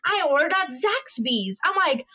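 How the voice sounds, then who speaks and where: A fairly high-voiced woman tells stories in a lively podcast chat, swearing freely and animatedly. The recording is dull and lo-fi. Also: measured pace, very noisy. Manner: animated, profane storytelling. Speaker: podcast co-host. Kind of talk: casual chat.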